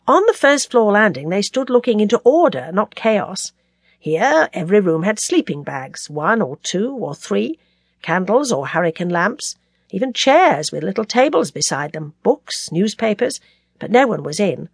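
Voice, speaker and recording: Brief: woman audiobook narrator, expressive and animated, dry studio read. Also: medium pitch, normal speed, husky, no room sound. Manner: expressive, dramatic storytelling. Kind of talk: scripted novel narration.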